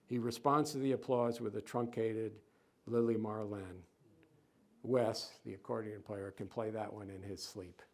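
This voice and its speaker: Man lecturing, relaxed and conversational. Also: fairly low pitch, unhurried. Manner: conversational, with fillers and small chuckles, reads quotes with lifted voice. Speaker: author giving a museum lecture. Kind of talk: public lecture with read-aloud passages. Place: lecture hall.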